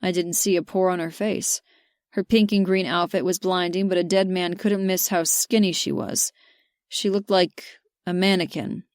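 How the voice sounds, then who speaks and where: A woman narrating a romance audiobook, lively and giving the characters their own voices, on a close mic. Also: lowish voice, normal speed, no room sound.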